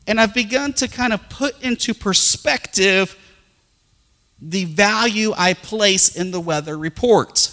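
A middle-aged male pastor preaching a folksy, animated sermon full of personal stories. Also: sits high, slow, long reverb tail.

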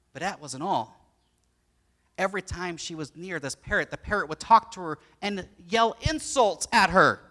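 Male pastor, middle-aged: animated sermon delivery, high and bright. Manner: animated, storytelling, asks the congregation questions.

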